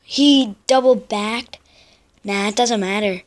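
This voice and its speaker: A woman giving casual live commentary on her own gameplay, chatting in slang and breaking into excited yelps and repeated protests. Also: on the high side, slow, long pauses.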